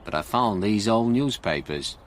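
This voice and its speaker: A man voicing a calm, authoritative police sergeant in a reader story. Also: on the low side, moderate pace, close to an everyday voice. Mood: firm.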